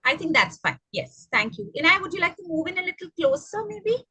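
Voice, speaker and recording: A woman's voice: very high-pitched, very animated, a little fast, bright, forceful tone, dry recording, poor audio. A woman hosting an online event over a video call, encouraging and reading out audience comments. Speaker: event host.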